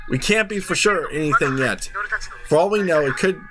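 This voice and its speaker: A man's voice: on the high side, expressive, normal speed, music in the background, pitched below the performer's own voice, natural voice. A man voicing a worried, earnest teenage girl in a game reading, talking anxiously and carefully.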